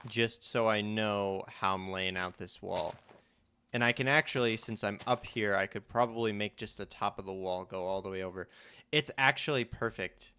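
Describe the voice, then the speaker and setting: A man's voice: fairly low pitch, pushed and bright, clear, resonant tone. A young man casually commenting on his own gameplay during a live stream, thinking aloud and restarting his sentences as he goes. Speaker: let's play host.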